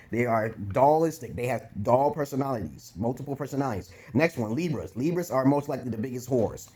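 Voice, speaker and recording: A man's voice: mid-range voice, a little mellow. A man from Brooklyn with a New York accent, talking bluntly and profanely in a rambling casual monologue at home, chewing gum as he speaks. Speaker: vlogger giving dating talk.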